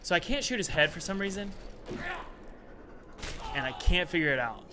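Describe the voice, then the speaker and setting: A man casually talking through his game development work at his computer, chatty and thinking out loud with exasperated asides. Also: high-pitched, animated, normal speed, noisy background. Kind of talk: casual devlog commentary while working.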